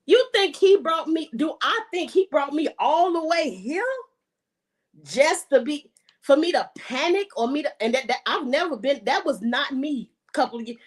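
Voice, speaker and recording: High-voiced woman, emphatic faith testimony. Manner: emphatic, repeats phrases for emphasis. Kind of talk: casual faith testimony on a podcast.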